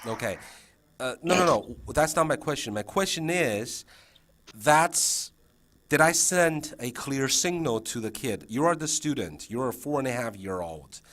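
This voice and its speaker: Lively man coaching a trainee teacher. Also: medium pitch, unhurried. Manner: checks in constantly, many fillers and restarts. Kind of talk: casual training session.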